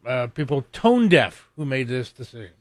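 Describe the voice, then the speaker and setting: A man's voice: mid-range voice, very animated, moderate pace, dry recording, clean studio sound. A man co-hosting a talk show, reading out a news item in a matter-of-fact way.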